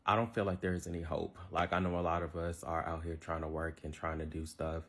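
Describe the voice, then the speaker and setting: Deep-voiced frustrated man in his twenties. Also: level tone, brisk, fairly bright tone. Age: 20s. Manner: frustrated, rambling, many fillers. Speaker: social media ranter. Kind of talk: casual rant to camera.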